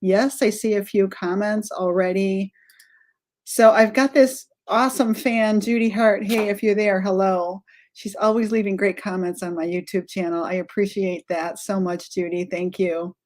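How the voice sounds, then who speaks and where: A woman's voice: medium pitch, steady tone, normal speed, a little mellow. A middle-aged woman hosting a live-streamed craft tutorial, chatting casually, greeting viewers by name and often wandering off-topic and correcting herself. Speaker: art tutorial host.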